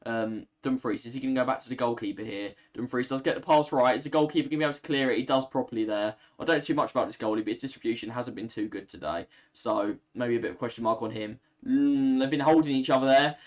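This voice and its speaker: A young man talks fast with few pauses in a medium-pitched voice while doing live watch-along commentary of a football game. Though he's tired and yawning, he stays chatty, responding to plays and to his stream chat.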